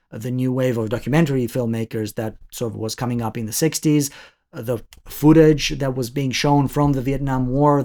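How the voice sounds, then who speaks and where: A man's voice: mid-range voice, a little mellow. A man giving an analytical video essay review of a classic film, talking thoughtfully with frequent restarts.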